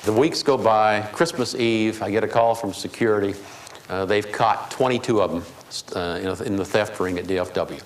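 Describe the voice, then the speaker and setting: A man delivers a keynote speech built on humorous personal stories. His voice sits on the low side. It carries a long reverb from a large hall, with faint noise underneath. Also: normal speed. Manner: humorous, anecdotal. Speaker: keynote speaker. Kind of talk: storytelling speech.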